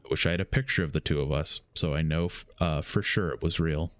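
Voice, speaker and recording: A young man streaming a game, reading its letters aloud slowly and often stumbling and correcting himself. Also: very deep voice, fairly bright tone. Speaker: gaming streamer.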